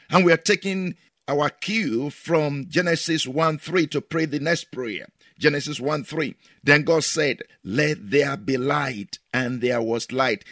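A man's voice: fairly high pitch, slow pace, a bit bright, dry recording, studio quality. A man preaching as a pastor, repeating each line with emphasis and leading the listener through prayers. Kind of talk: prayer sermon.

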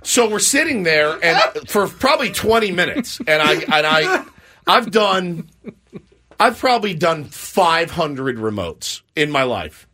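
A man's voice: a little high, measured pace. A man hosting a morning sports radio show, telling a story in a casual chat and acting out the voices of the people in it. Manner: animated storyteller acting out quotes. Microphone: studio microphone.

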